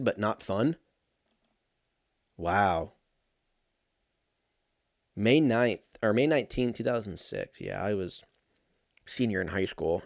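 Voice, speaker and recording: A man's voice: fairly low pitch, darkish tone, dry recording, studio quality. A man in his thirties in casual solo commentary, rambling and sarcastic, swearing often and laughing at his own jokes. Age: 30s.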